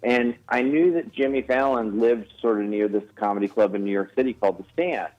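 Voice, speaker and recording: A man's voice: medium pitch, fairly quick, darkish tone. Rambling man telling a comedy story. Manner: self-deprecating, rambling with restarts and laughs. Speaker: guest comedian. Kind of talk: casual radio interview storytelling. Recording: slightly dull radio broadcast audio.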